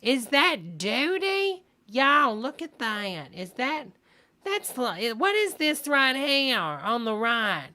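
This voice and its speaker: A woman's voice: high voice, sing-song, slow pace, bright, forceful tone, slight background noise. A woman hosting a live stream, reacting to videos with chatty, amused commentary and lots of asides. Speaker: host reacting to online videos. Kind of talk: casual commentary livestream.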